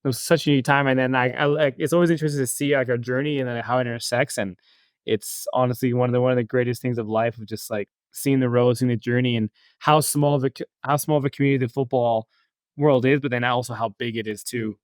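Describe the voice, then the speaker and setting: Male podcast co-host, clear resonant tone, nostalgic and chatty, dry room. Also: mid-range voice, fairly even intonation, quick pace, no room sound. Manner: reflective, many "like" fillers. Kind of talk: casual podcast chat.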